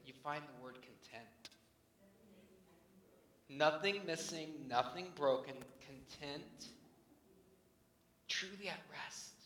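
A man in his thirties delivers a sermon in a bright, forceful voice pitched a little high. He is earnest, builds to emphatic peaks and then drops to hushed near-whispers. The sound is a roomy hall with a long reverb tail. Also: slight background noise. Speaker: pastor.

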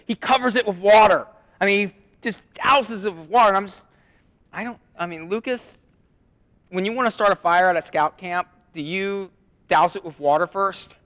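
A male pastor delivers a sermon in a fairly high voice. He swings from hushed, intimate lines to loud, dramatic scripture readings. The sound carries the long reverb of a church hall.

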